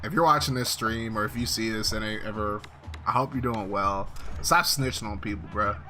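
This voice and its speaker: Blunt, bright-voiced young man streaming. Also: on the low side, a little fast, faint music behind. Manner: blunt, profane, rambling with lots of fillers. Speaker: streamer playing a football video game. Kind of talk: casual live-stream chat and game reactions.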